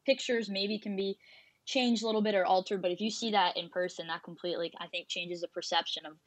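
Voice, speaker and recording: A woman's voice: lowish voice, steady tone, a little fast, no room sound, poor audio. A woman hosting a casual business interview, chatty and affirming as she responds and asks questions. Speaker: podcast host, sales associate.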